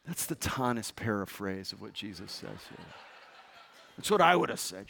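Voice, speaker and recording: A man preaching a sermon with passion, jumping from loud outbursts to hushed whispers. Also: lowish voice, big pitch swings, normal speed, creaky. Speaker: pastor.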